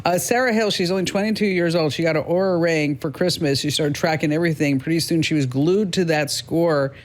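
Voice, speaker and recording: A man with a New York accent hosting a casual tech news chat, playful and quick to laugh, drawing out words for effect. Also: a little high. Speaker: host.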